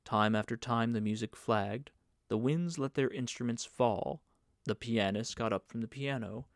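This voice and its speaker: A man narrating an audiobook of a novel in an even, measured reading. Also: medium pitch, dry recording, clean studio sound. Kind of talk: scripted narration.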